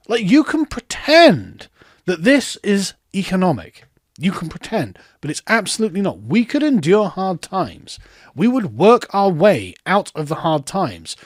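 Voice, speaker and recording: A man's voice: high-pitched, dry recording, clean studio sound. A man, ranting in heated, sarcastic political commentary.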